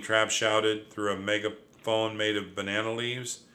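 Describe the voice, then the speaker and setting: A man narrates a children's storybook with lively, expressive delivery. His voice sits somewhat low but sounds bright and forceful. He reads with clear energy. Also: unhurried. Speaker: audiobook narrator.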